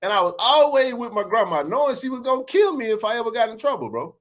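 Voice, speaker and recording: An extremely high-pitched, fast-talking man in his forties hosts a sports podcast. Laughing and animated, he rattles off slang-heavy neighborhood stories in a casual storytelling chat.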